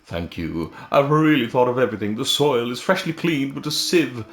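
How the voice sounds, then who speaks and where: A man reading game dialogue aloud, voicing a friendly but fussy male ghost in a high, drawn-out, fretful voice. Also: lively intonation, natural voice. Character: fussy friendly male ghost worried about his grave. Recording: roomy with faint game music.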